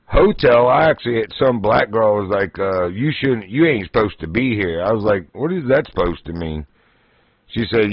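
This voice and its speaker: A man's voice: lowish voice, no room sound. Folksy man telling stories. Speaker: livestream host. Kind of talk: casual storytelling. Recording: dull, dry lo-fi stream audio.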